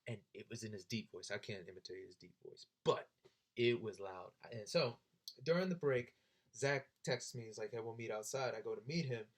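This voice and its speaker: A young man telling a story in a casual, animated way, his voice jumping high when he gets excited. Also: normal speed. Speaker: vlogger.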